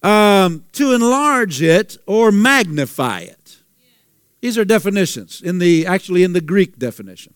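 A man's voice: high voice, big pitch swings, measured pace, smooth, no echo, clean studio sound. A male pastor preaching a sermon, asking the congregation questions and repeating phrases for emphasis.

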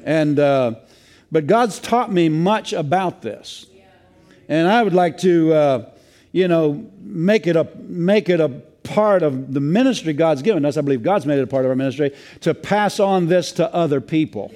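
A man's voice: a little high, animated, normal speed, darkish tone. A male pastor preaching a sermon in a folksy way, with many fillers and restarts.

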